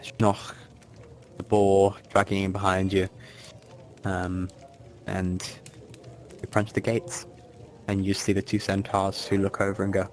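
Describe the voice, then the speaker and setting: A man's voice: deep voice, completely flat delivery, measured pace, long pauses, a little hiss or hum. A man running a tabletop game as game master, narrating loosely with fillers.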